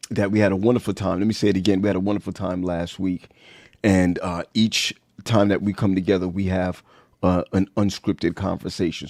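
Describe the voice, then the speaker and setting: A man's voice: low voice, darkish tone, dry recording, studio quality. A man hosting a casual livestream chat, talking loosely and repeating himself. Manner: loose, repetitive, chatty. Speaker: host.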